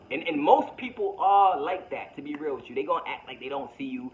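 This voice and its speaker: Brief: male vlogger, slangy motivational preaching to viewers, a bit high-pitched, dull lo-fi audio. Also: lively intonation, fairly quick, a little hiss or hum. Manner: preachy, slangy, repetitive, addresses viewers as baby. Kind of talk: motivational vlog monologue.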